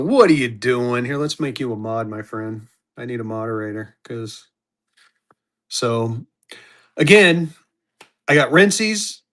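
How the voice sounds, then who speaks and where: A man running a live online auction, his voice on the high side with a fairly bright tone, keeps up a rambling, chatty patter. He restarts lines and greets viewers by name as he talks to them directly.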